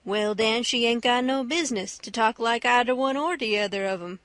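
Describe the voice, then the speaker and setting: A woman's voice: on the high side, normal speed, fairly bright tone, no echo, lightly acted. A woman reading a stubborn, argumentative grown man. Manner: insistent, argumentative. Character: stubborn adult man arguing with a boy. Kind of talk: audiobook character reading.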